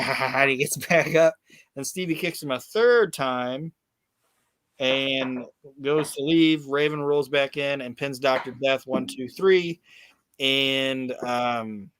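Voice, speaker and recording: A man's voice: medium pitch, slight background noise. Rambling, profane man recapping wrestling. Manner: rambling, profane, animated storytelling with many fillers. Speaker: podcast host recapping wrestling. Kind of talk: casual chat.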